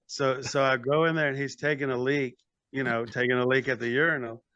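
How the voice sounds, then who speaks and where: A man's voice: medium pitch, fairly even intonation, brisk, sharp tone, dry recording, dull audio. An older man, a metal band frontman and podcast guest, telling long rambling stories in casual chat, often acting out what others said. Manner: rambling anecdotes with acted quotes and restarts.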